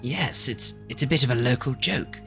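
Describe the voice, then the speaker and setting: Chatty male game master with a bright voice. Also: mid-range voice, normal speed, creaky, faint music behind. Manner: chatty, laughs often, lots of 'like'. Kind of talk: narrating a tabletop game.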